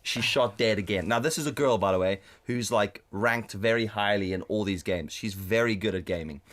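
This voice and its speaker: In casual podcast chat, a man whose voice is on the low side tells a story at normal speed on a condenser studio mic. As co-host he's animated, swears often and mimics his partner in a raised voice.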